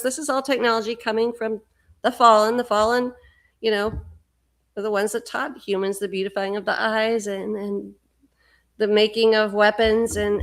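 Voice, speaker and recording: A middle-aged woman hosting a livestream, talking fervently in a rambling spiritual monologue and often repeating words. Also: medium pitch. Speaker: livestream host.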